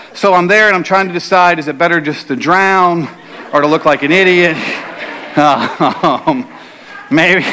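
A man's voice: on the high side, sharp tone. A middle-aged male pastor preaching a sermon, telling a humorous personal story before building to emphatic preaching.

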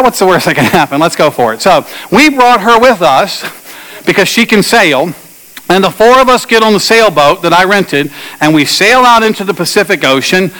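Animated high-voiced male pastor. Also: long reverb tail, rough recording. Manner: animated storytelling, acts out shouted quotes. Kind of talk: sermon with a personal story.

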